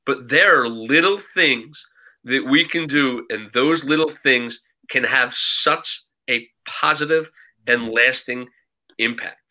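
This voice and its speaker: A man's voice: medium pitch, slow pace, pushed and bright, low-quality recording. A man giving earnest, emphatic advice and repeating points for emphasis.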